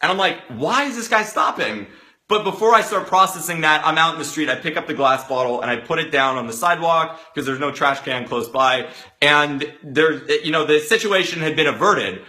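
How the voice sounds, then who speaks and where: A man giving an energetic motivational talk, acting out the people in his story with sudden loud outbursts. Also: a little high, a little fast. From Los Angeles area resident. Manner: animated, acts out quotes with loud outbursts. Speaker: motivational speaker.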